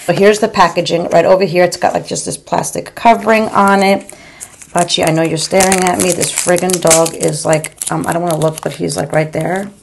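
A woman's voice: fairly low pitch, fairly even intonation, a little fast, vocal fry, noisy background. A woman in her forties or fifties, a beauty vlogger in a casual makeup review at home, chatty and calling her viewers "girl", with stammering repeats. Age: 40s or 50s. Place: home room.

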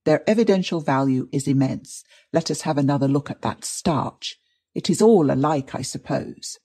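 A man reading a calm, learned forensic doctor, mellow and husky. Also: on the high side. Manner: measured, explanatory. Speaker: detective. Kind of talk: audiobook reading.

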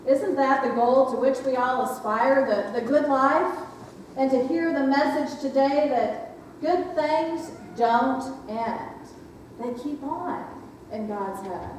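A woman's voice: a little high, darkish tone. Woman pastor giving a sermon, thoughtful questions, far from the mic, faint room noise. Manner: reflective, asks the congregation questions. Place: church sanctuary. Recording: echoey church hall from far off.

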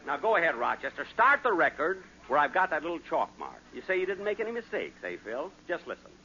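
A man's voice: on the high side, very animated, quick pace. A man hosting a radio comedy, playing exasperated and defensive in a 1940s radio acting style. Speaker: comedy show host. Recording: hissy lo-fi 1940s radio broadcast.

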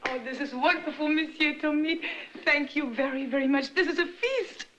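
Flirty French actress. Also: female voice, sits high, normal speed, bright, forceful tone. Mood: delighted. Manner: flirtatious, coaxing, breathless. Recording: dull 1960s film soundtrack, faint hiss.

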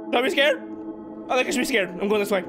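A man's voice: extremely high pitch, lively intonation, fast. A man commenting on a horror game he is playing, rambling jittery self-talk. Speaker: let's play gamer. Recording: game music behind.

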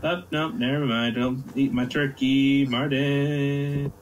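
Slow, crude-joking male gamer. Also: medium pitch, little pitch movement, muffled recording, slight background noise. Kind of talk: casual gaming chat.

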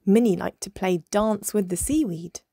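A woman reading a children's picture book aloud in an expressive, measured way. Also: medium pitch, gravelly, dry recording. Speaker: storyteller.

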